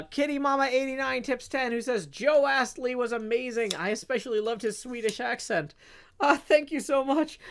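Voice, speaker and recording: A man's voice: a little high, creaky. A man live-streaming a game, chatting casually, reading out tips and counting blocks under his breath.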